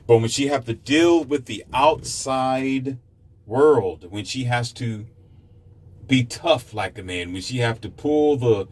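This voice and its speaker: A man's voice: mid-range voice, takes it slowly, darkish tone. A man delivering a preachy opinion monologue to his listeners. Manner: lecturing, preachy, addresses listeners. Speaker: commentator.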